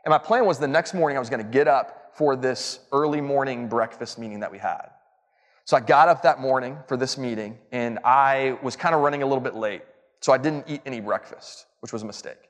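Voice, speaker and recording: A man from the Southern United States delivers a storytelling sermon in a church auditorium, his medium-pitched voice fairly quick. His lesson is chatty and self-mocking, building to emphatic points, with the long reverb of a large hall.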